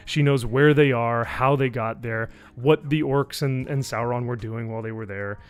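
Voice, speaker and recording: A man's voice: medium pitch, steady tone, moderate pace, smooth. A man on a live stream recapping a show in a casual, rambling way, sarcastic and profane, with lots of fillers. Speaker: YouTube reviewer on a live stream.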